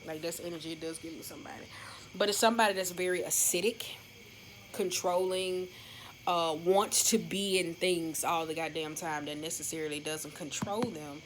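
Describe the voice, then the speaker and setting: A woman's voice: on the low side, fairly even intonation, normal speed, slight background noise, rough recording. A woman giving a casual tarot love reading, talking straight to her viewers in a loose, rambling way and swearing freely. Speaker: tarot card reader.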